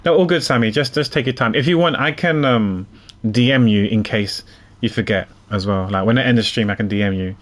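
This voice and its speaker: A man's voice: mid-range voice, fairly quick. A man streaming a game, chatting casually with his viewers and thinking aloud as he plays. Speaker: gaming streamer. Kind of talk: casual gameplay commentary.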